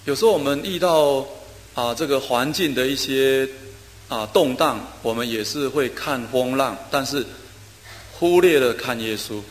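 A man preaching a sermon in short phrases, pausing for an interpreter, with steady delivery and frequent filler sounds. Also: medium pitch. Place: church hall. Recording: reverberant hall, faint ambience.

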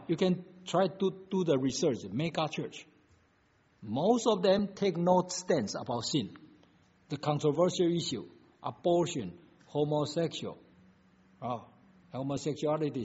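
A man's voice: a little high, darkish tone, breathy edge. A man preaching a sermon, emphatic and full of rhetorical questions, in slightly non-native phrasing. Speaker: pastor. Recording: dull lo-fi recording.

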